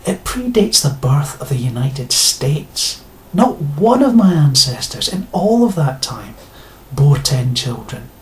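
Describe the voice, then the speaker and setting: In a slow, sing-song voice on the high side, a Scottish man delivers a ranting monologue to camera as a video blogger. He's sarcastic and indignant with his viewers, blunt and prone to swearing.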